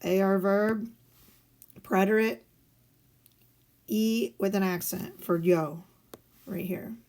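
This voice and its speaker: Slow, patient woman teaching a lesson. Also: mid-range voice, steady tone, a little mellow. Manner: step-by-step explaining, asks and answers her own questions. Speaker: Spanish teacher. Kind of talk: recorded video lesson walking through guided notes.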